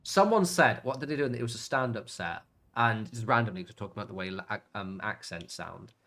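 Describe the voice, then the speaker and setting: A young man with an English accent chats casually while streaming a game, rambling through filler words and cheerful swearing. His voice sits a little low but sounds bright and forceful. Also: expressive, fairly quick. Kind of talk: casual chat while gaming.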